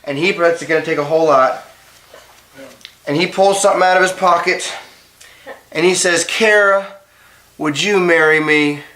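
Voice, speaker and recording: Playful dad telling a dramatic lesson. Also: male voice, on the high side, normal speed, long pauses, pushed and bright. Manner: dramatic, playful, builds suspense. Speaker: homeschool teacher and father. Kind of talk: storytelling lesson.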